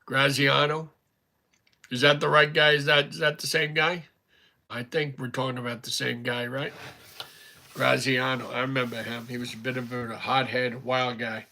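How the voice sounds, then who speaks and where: A man's voice: medium pitch, flat delivery, moderate pace, pushed and bright. A middle-aged man hosting a casual livestream, rambling through stories. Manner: rambling, chatty storytelling. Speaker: livestream host.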